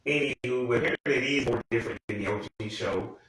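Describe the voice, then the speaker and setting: A man's voice: fast talker, fairly bright tone. Rambling young man in an echoey room. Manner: profane, rambling, exasperated, with sudden high-pitched outbursts. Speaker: TV commentator. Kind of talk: casual rant commentary. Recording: very echoey room, voice from far off the mic.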